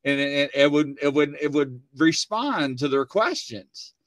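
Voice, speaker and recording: A man hosting a casual chat show from his studio, telling stories with lively acted-out quotes. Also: on the high side, unhurried, dry recording. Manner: animated storyteller, acts out quotes. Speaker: host. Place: home studio.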